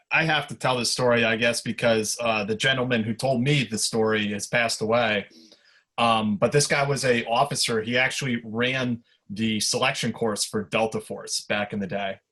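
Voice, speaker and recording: Male podcast guest, mid-pitched, loose conversational storyteller. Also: normal speed. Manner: relaxed anecdotal telling with fillers. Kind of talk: casual storytelling.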